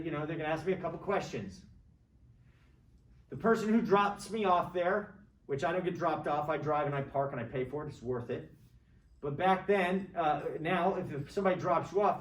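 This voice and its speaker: A man's voice: fairly high pitch, a little hiss or hum. A middle-aged man giving an informal, opinionated college government lecture, rambling and often checking in with his students. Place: classroom. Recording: echoey classroom, mic far from speaker.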